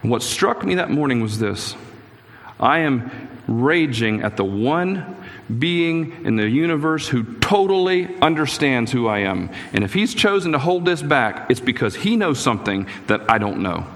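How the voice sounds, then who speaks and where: Middle-aged male pastor, gravelly, earnest storyteller, echoey hall. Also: medium pitch, sing-song, moderate pace, a bit bright. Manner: earnest, personal storytelling with frequent restarts. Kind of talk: sermon. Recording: echoey hall with long reverb.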